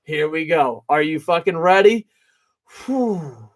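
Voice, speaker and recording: A man reviewing a wrestling event in a blunt, profane rant, dropping into mutters and then rising to shouts. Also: fairly high pitch, lively intonation, slow pace. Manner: profane, blunt and opinionated, swings from mumbling to shouting. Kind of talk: ranting video review.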